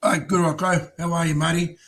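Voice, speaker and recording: Aussie guy, kinda high and flat, ribbing his mates. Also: a little fast. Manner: teasing, friendly. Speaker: guest co-host.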